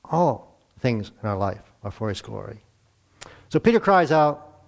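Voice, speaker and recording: A man's voice: medium pitch, big pitch swings, normal speed, gravelly. A man preaching a conversational sermon as a pastor, speaking plainly and often restarting and repeating his words.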